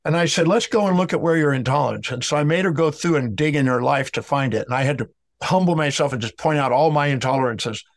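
A man with a slightly high voice speaks quickly, recorded dry. He's a speaker on emotional healing, telling a story in an interview, lecturing with emphasis and playing both parts of a conversation.

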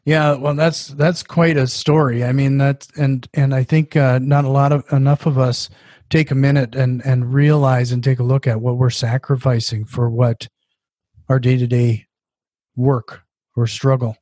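A man's voice: medium pitch, flat delivery, unhurried, darkish tone, no echo, studio quality. A man hosting a podcast who comments in a thoughtful, reflective way during a casual interview. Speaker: podcast host.

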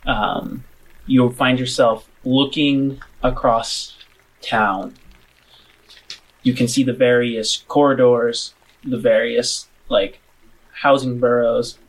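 A man running a tabletop role-playing game as game master, narrating scenes in a relaxed, descriptive way with frequent filler words. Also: mid-range voice, husky, rough recording.

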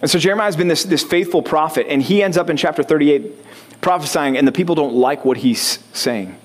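A male pastor delivers a sermon in a fairly high voice. He talks casually and keeps asking the congregation questions. He often builds to a fervent, rising pitch. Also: brisk.

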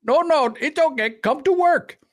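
A frightened, suspicious worker, as a man puts him on, squeezed up into a shrill, high voice well above his own. He talks in a pleading rush, sounding a little distant from the mic in a podcast comedy bit. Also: expressive, moderate pace, no echo, studio quality. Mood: coaxing. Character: frightened male Afghan worker refusing a trap.

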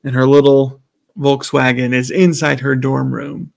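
Man, gravelly voice, medium pitch, casual podcast chat, acts out characters' lines. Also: level tone, measured pace. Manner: retells scenes with quoted character voices. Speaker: podcast co-host. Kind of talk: casual chat recapping a TV episode.

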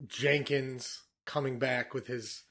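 A man's voice: medium pitch, level tone, slow, bright, forceful tone. A man rambling through a casual history chat, swearing and filling with "like" and "you know.". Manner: rambling, profane, filler-heavy.

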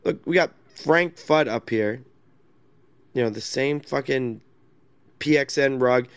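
A gravelly-voiced man hosting a loose online chat. He sounds mocking and brash, with constant swearing, and the sound is dry with no room echo. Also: mid-range voice, slow pace. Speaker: host.

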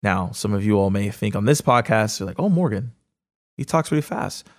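Energetic fast-talking man hosting a podcast. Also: fairly low pitch. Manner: energetic, casual, fast-talking with many fillers. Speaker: podcast host. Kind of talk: motivational podcast monologue.

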